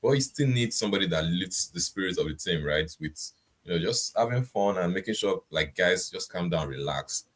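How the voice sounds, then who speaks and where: Deep-voiced male podcast host. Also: animated. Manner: measured, leans on fillers like "you know". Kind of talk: casual podcast chat.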